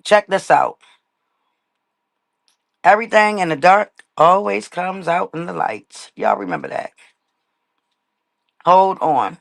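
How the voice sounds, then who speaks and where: A woman's voice: on the low side, lively intonation, slow pace, creaky, pauses often, no echo, studio quality. Blunt, profane woman ranting on a live stream. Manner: blunt, profane, emphatic repetition. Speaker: livestream host. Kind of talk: casual livestream rant. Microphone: laptop mic on a live stream.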